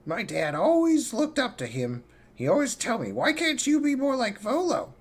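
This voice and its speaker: A man's voice: very high voice, big pitch swings, voice pushed up, full character voice. Man putting on an eccentric archmage who collects creatures. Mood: rambling. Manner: chatty, rambling, quick to snap.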